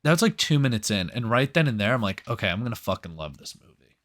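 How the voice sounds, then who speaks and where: A man chatting casually about movies, swinging into playful voices as he retells scenes. His pitch sits at an ordinary male middle. He is lively and unscripted. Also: quick pace. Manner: animated storyteller, acts out quotes with voices. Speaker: podcast co-host, movie reviewer. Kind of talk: casual chat.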